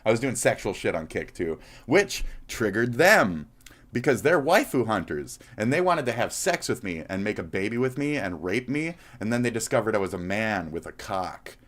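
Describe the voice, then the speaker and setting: A man's voice: lowish voice, sing-song, moderate pace, a bit bright. A man from Minnesota, live-streaming and reacting to clips, talking in a blunt, profane way. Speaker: livestreamer.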